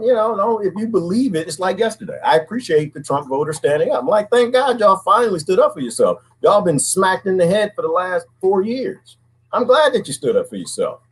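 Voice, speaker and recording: Husky man preaching his views. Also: medium pitch, a little mellow, low-quality recording. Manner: preachy, repeats "right?" and words. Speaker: commentary host. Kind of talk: casual monologue commentary.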